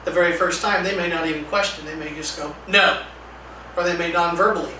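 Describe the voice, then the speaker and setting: A man delivers a training lecture in a relaxed, conversational way, now and then repeating calm example phrases. His voice sits high and sounds bright. He is recorded from far off in a very echoey room with a faint hiss. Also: fast talker.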